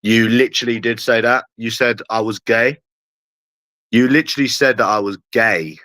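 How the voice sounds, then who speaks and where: A man's voice: medium pitch, moderate pace, bright, forceful tone, no echo. A young man with a London accent, ranting in a taunting live stream and jeering at someone over and over. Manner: mocking, repetitive jeering.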